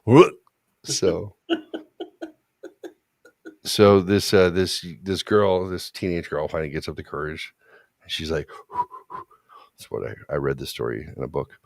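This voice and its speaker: Man, very low voice, lively swings, rambling crude storyteller, dry close sound. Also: a little slow, gravelly, pauses often, no room sound. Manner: rambling, joking, voices quoted people. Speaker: podcast co-host. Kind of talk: casual chat, crude storytelling.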